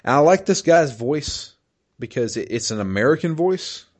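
A man in casual chat, recapping a game in a halting way with many fillers and restarts. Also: fairly high pitch, animated, a little mellow. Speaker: podcast co-host recapping a video game.

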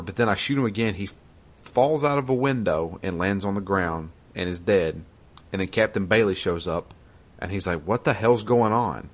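A man with a very low voice tells a video game story in casual conversation. He is animated and laughs often. He swears freely as he talks. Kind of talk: casual gaming chat.

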